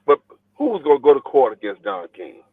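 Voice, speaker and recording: A boxing trainer telling stories in a phone interview, talking in an animated, rambling way and repeating his words. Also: medium pitch, a little fast, husky, dry recording. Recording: tinny phone line, dry.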